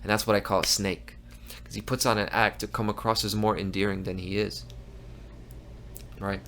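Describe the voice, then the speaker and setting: Low gravelly guy hosting his own show, heated and emphatic, keeps restarting words. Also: level tone, moderate pace, a bit bright, slight background noise. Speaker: host. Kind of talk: impassioned commentary monologue.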